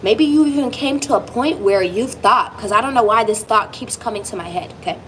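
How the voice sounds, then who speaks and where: A woman's voice: a little high, a little fast, slight background noise, poor audio. A woman giving a tarot reading straight to her viewer, emphatic and reassuring, swearing casually as she goes. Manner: lively, emphatic, swearing, speaks directly to the viewer. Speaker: tarot reader.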